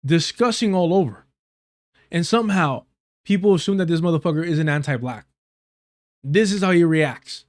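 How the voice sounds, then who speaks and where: A man's voice: a little high, normal speed, pauses often, no room sound, studio quality. A man hosting a live stream, giving angry, repetitive commentary on a clip, swearing often. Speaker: live stream host reacting to clips.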